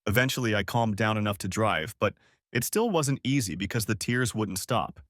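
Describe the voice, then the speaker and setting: A man's voice: fairly low pitch, animated, moderate pace, fairly bright tone, no room sound, studio quality. A man narrating a dramatic first-person story in a scripted audiobook reading.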